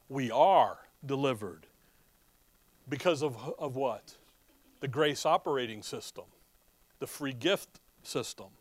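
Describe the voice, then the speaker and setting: A man preaching a sermon, asking his listeners questions and answering them himself, with swings between emphatic bursts and quiet asides as he reads scripture aloud. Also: on the high side, dry recording. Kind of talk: expository sermon.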